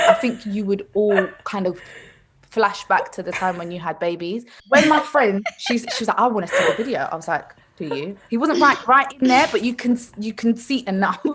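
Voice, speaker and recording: A woman's voice: mid-range voice, slight background noise. A young woman chatting casually on a podcast, telling stories animatedly and acting out what others said. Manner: animated storytelling, laughs often, acts out quotes. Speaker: podcast co-host. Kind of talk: casual chat.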